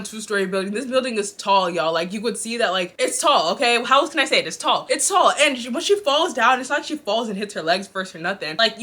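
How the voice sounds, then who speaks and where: A young adult woman recapping a TV drama in a casual, animated way, full of slang and asides. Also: mid-range voice.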